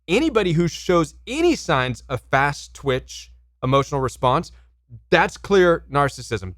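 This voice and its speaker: Speaking straight to camera in clean studio sound without room noise, a man gives relationship advice in a fairly high, somewhat bright voice. His delivery is emphatic and repetitive, and he keeps posing questions to viewers.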